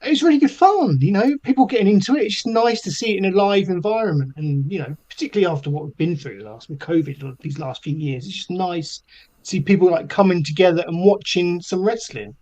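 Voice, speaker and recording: Male host, casual and chatty, lively ups and downs in pitch. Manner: chatty and encouraging, quick reactions. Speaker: podcast host. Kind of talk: casual chat.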